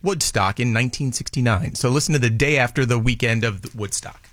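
A man co-hosting a radio show, chatting casually and presenting segments in a relaxed way. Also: mid-range voice, a little fast, no room sound. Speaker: co-host.

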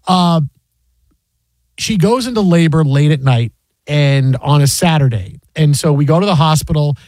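High-voiced man hosting sports talk radio. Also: normal speed, dry recording. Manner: animated storyteller, acts out quotes in a high voice.

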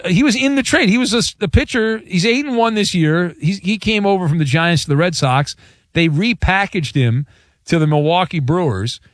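Radio sports host guy, jokey and sarcastic, kinda high voice, dry studio mic. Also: no echo. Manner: wisecracking, playful, mock outrage. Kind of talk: call-in talk radio banter. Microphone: studio broadcast mic.

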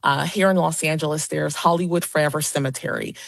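Animated, lower-voiced woman guest. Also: brisk, gravelly, no echo. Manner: animated, chatty with restarts. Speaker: paranormal investigator guest. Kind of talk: radio interview answers.

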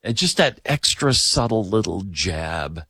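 A man's voice: deep voice, big pitch swings, a little slow, sharp tone, slightly rough, no room sound, studio quality. A man co-hosting a political talk radio show, chatting casually with a sarcastic, exasperated edge and frequent chuckles.

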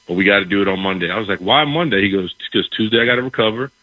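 Man, middle-aged, husky, dry, former football player, storytelling. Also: fairly low pitch, rapid-fire, no echo, dull audio. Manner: animated, repeats words, acts out quoted dialogue. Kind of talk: casual storytelling.

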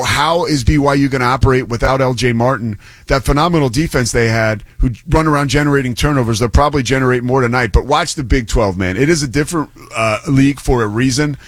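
In a dry recording, a man with a mid-range voice, a play-by-play broadcaster by trade, talks college football as a radio guest. The sports-talk banter is chatty and enthusiastic, loose with filler words.

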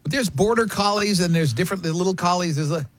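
A man's voice: high-pitched, quick pace. A man hosting a radio talk show, chatting casually in an emphatic, opinionated way with plenty of restarts. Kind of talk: casual morning-show banter.

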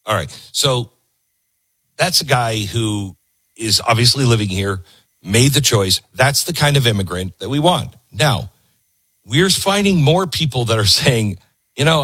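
A man's voice: mid-range voice, measured pace, slightly rough, no room sound, clean studio sound. A man hosting a commentary show, talking emphatically to his audience between video clips. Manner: animated, emphatic, talks to the audience.

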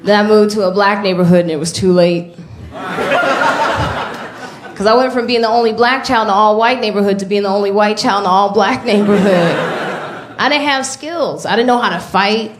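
A woman's voice: mid-range voice, normal speed, background noise. A woman stand-up comedian from Chicago, telling self-deprecating stories in a wry way. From Chicago, USA. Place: live comedy club stage. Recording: echoey live room with loud audience.

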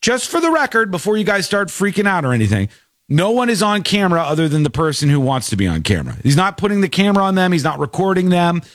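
Host, male, lively pitch, slightly high, dry studio sound, playful mimicry. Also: fast, dry recording. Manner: animated, laughing, mimics voices in mocking quotes. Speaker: radio show host. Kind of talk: casual on-air commentary.

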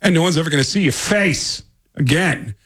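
Man impersonating an older male actor, menacing, stop-start phrasing, long odd pauses, husky edge, a bit far from the mic. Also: on the high side, lively intonation, a bit bright, voice pushed up. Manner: halting pauses mid-sentence.

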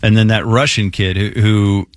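A man's voice: on the low side, level tone, moderate pace, no echo, studio quality. Laid-back male sports radio host. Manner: laid-back, chatty, laughs often. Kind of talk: casual sports radio banter. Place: radio studio. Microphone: studio microphone.

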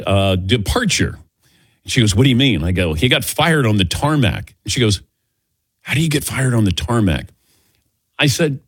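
A sports radio host with a mid-range voice tells stories in an animated way, peppered with wry asides. The recording is dry.

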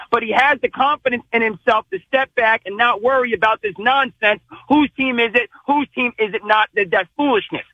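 A man giving forceful sports opinions in a commentary segment. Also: high voice, dry recording, lo-fi sound.

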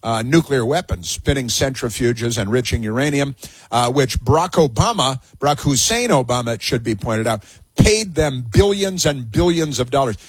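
A man's voice: mid-range voice, animated, moderate pace, slightly rough, no room sound. A man hosting a talk radio show, delivering a sarcastic, mocking monologue that rambles with many fillers and restarts.

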